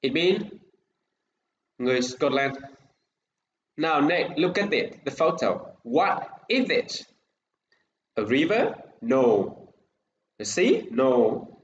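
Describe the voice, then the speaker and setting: A Vietnamese man teaching an English lesson in his Vietnamese accent, who speaks slowly and repeats each word for his pupils to echo. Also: fairly high pitch, very animated, lo-fi sound.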